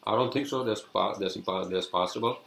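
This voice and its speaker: A man's voice: lowish voice, a little fast, creaky, a bit bright, slight background noise, rough recording. A man hosting a solo podcast, telling a story in a rambling, profane way with many fillers and restarts. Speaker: podcast host. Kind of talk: casual solo podcast monologue.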